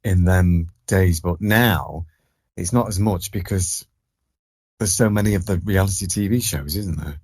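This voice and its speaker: A man hosts a casual podcast chat, mostly adding short agreeing remarks. His voice is very low and husky, with a dry, close sound. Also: unhurried, a little mellow, dry recording. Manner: brief agreeing interjections. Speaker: podcast host.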